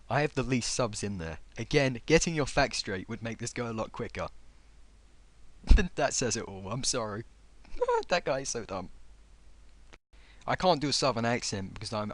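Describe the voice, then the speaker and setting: A man's voice: medium pitch, animated, normal speed, a bit bright, no echo. A man reading out online comments and mocking them, sarcastic and exasperated.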